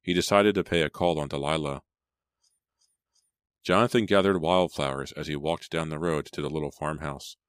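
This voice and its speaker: A man narrating a storybook in a steady, measured way. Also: rumbling low, clear, resonant tone, dry recording, clean studio sound. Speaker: audiobook narrator. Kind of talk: scripted audiobook narration.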